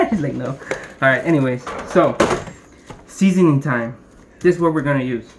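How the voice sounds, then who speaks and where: A young man casually showing how to prep a brisket at home, rambling and cracking jokes as he works. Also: fairly high pitch, animated. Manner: joking, rambling, swears casually. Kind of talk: casual cooking demonstration. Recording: noisy room ambience.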